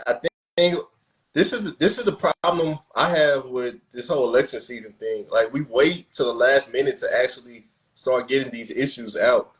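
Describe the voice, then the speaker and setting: Male podcast host, mid-pitched, casual and joking, loose delivery with frequent laughs. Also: normal speed, low-quality recording. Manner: laid-back, laughs often, restarts sentences. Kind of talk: casual chat.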